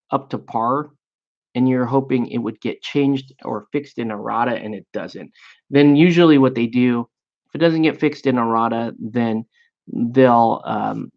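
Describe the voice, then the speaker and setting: Over lo-fi audio, a man with a mid-range voice who hosts miniature painting and gaming content talks casually about a tabletop game. His chat wanders, full of fillers and restarted sentences.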